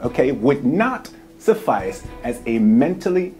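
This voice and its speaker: A man's voice: medium pitch, sing-song, measured pace, over music. A man hosting satirical news commentary, ranting in a blunt, sarcastic way. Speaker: news anchor.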